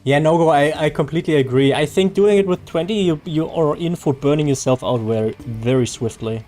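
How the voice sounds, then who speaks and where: A man's voice: a little high, a little fast, mellow, soft background music. Chatty German-accented man streaming games. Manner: chatty, answers chat aloud, self-correcting restarts. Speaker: game streamer. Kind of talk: casual live-stream chat.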